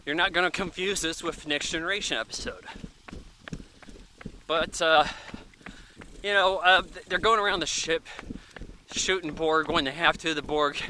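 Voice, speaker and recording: A man's voice: fairly high pitch, moderate pace, long pauses, pushed and bright, slight background noise. A man in his thirties giving a casual, rambling movie review, chatty and offhand, thinking aloud with plenty of fillers.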